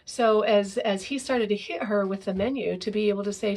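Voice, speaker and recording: A woman's voice: mid-range voice, a little fast, few pauses, a little mellow. A woman explaining parenting ideas in a casual, conversational talk, often ending her points with "right?". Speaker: parenting educator.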